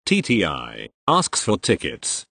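A man reading online posts aloud as narrator, in an expressive storytelling manner. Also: sits low, takes it slowly, vocal fry, slightly rough, no echo.

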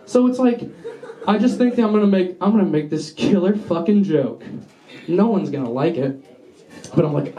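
A man's voice: high-pitched, moderate pace, dark tone, echoey room, poor audio. A young man doing a stand-up set in a small basement venue, telling a rambling, profane story and throwing in asides to the crowd. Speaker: stand-up comedian.

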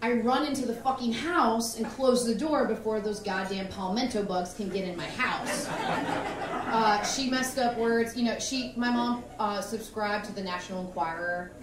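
A woman's voice: fairly high pitch, normal speed. Woman stand-up comic, self-mocking storyteller, caught from a distance with a laughing crowd. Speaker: stand-up comedian. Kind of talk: stand-up comedy set. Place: comedy club stage. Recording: echoey club from far off, crowd.

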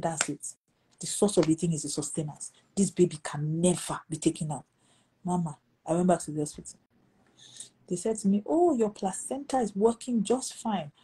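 A middle-aged woman pastor, telling a testimony in conversation and acting out the dialogue with lively jumps in pitch. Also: breathy edge, rough recording. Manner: animated, acts out quoted dialogue with pitch jumps. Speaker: pastor and guest.

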